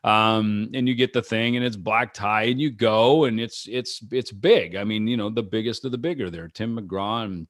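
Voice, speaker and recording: Rambling man with a low voice. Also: normal speed, hardly any pauses, dry recording, studio quality. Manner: rambling, many fillers and restarts, acts out quotes. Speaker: rock musician guest. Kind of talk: casual interview chat.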